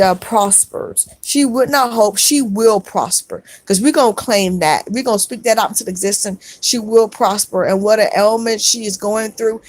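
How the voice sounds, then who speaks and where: Woman live-streamer, gentle and consoling, reads comments aloud and calls folks sweetheart, dry room. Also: medium pitch, no echo. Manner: soft-spoken, consoling, calls viewers sweetheart and baby. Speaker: vlogger reading live chat. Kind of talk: live stream chat reading.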